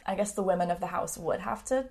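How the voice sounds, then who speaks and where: A woman co-hosting a casual true-crime podcast, relaxed as she tells the story, with frequent fillers. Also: on the low side, fast talker. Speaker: podcast co-host.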